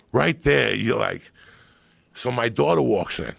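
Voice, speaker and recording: A man on a podcast, telling a story in a profane, animated way that swings from hushed and low to loud and excited. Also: normal speed, vocal fry, slightly rough, no echo. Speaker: podcast guest.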